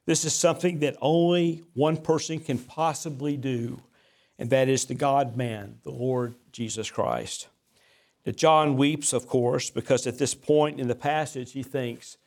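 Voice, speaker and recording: A man's voice: medium pitch, fairly even intonation, measured pace, darkish tone. A man preaching a sermon as a pastor, mixing folksy, self-deprecating stories with emphatic scripture reading. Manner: conversational storytelling mixed with emphatic scripture reading.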